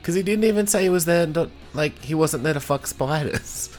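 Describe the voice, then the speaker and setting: A man's voice: fairly high pitch, moderate pace, faint music behind. A man co-hosting a casual chat, dry and teasing, laughing often. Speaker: podcast co-host.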